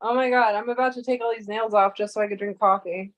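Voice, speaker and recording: A woman's voice: medium pitch, steady tone, quick pace, slight background noise. A young woman chatting casually to her livestream audience, rambling off on tangents and breaking into exasperated, swearing rants.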